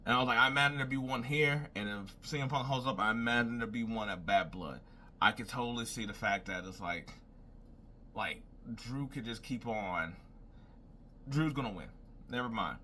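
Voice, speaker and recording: A man's voice: medium pitch, moderate pace, bright, forceful tone, a little hiss or hum. A young man talking casually, rambling and thinking aloud as he makes predictions and keeps repeating "I was like". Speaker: wrestling commentator making predictions. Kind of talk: casual solo talk.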